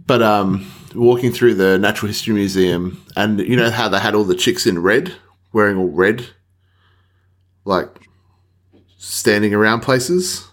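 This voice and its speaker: A rambling man chatting on a podcast with his mates. His voice sits a little low, and his talk is loose and sweary, with plenty of laughs. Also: measured pace, fairly bright tone. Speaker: podcast co-host. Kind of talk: casual chat. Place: Melbourne apartment.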